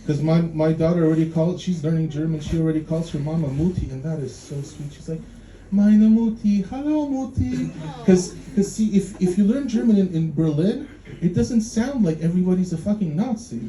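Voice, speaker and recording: A man's voice: a little high, fairly quick, dark tone. A man doing a stand-up comedy set, rambling and self-mocking, with stammering restarts. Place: comedy club stage before a live audience. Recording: echoey club room with faint noise.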